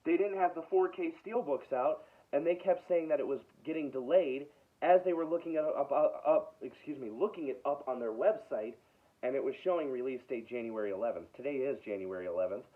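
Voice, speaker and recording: A man's voice: medium pitch, a little fast. Exasperated man ranting, tinny sound. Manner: exasperated, repeats himself. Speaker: video host. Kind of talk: casual ranting story.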